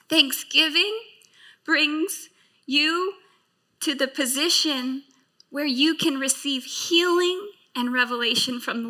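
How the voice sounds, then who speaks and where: A woman's voice: sits high, pushed and bright. A woman pastor in her late thirties sharing a personal testimony in a sermon, speaking in an earnest, heartfelt way. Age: late 30s.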